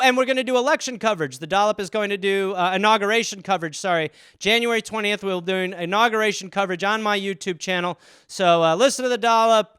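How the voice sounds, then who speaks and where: A man's voice: high voice, pushed and bright, clear, resonant tone, dry recording, clean studio sound. A man hosting a casual livestream, rambling through plugs and then singing made-up rhymes to his cat. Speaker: podcast host.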